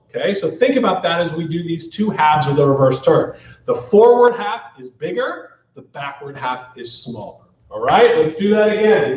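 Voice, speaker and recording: A man teaching a live-streamed dance class who counts beats aloud and keeps checking in with "all right?". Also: fairly high pitch. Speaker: ballroom dance instructor. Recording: echoey, distant, muffled studio sound.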